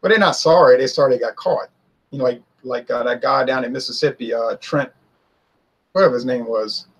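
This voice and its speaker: A man giving a casual political opinion monologue, animated, often mimicking others in a high mocking voice. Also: fairly quick, husky. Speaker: political commentator.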